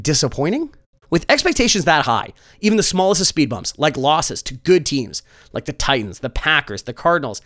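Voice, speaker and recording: A man giving scripted football commentary with wry joking asides and a playful, animated delivery. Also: on the high side, no echo, clean studio sound.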